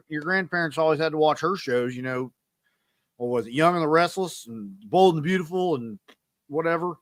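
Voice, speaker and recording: Male podcast host, 30s, bright and punchy tone, self-deprecating storyteller, dry close mic. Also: medium pitch, fast talker, no room sound. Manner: rambling, self-deprecating, animated retelling. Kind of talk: casual storytelling monologue.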